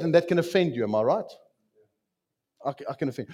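Male pastor, South African accent, church sermon, very animated pitch, playful asides. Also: a little fast, long pauses. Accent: South African English. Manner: lively, joking, switches to Afrikaans asides.

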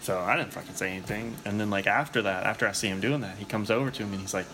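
A man's voice: fairly low pitch, quick pace, few pauses, pushed and bright, a little hiss or hum. A man telling a long story in a rambling, casual way, swearing a lot and filling his talk with "like". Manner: rambling, profane, heavy use of filler "like".

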